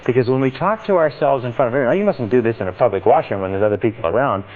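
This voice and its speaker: A man's voice: mid-range voice, rapid-fire. Emphatic man giving a seminar talk. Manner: emphatic, repeats phrases with changing stress. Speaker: seminar speaker. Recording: tinny, phone-like with faint noise.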